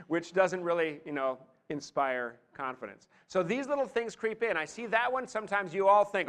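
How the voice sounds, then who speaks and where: A man coaching an audience from a podium, his voice sitting a little higher than most men's. He talks in a lively, theatrical way and keeps breaking off into chatty asides. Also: normal speed. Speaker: presentation skills coach. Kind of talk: live talk to an audience. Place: meeting room, speaking from a podium.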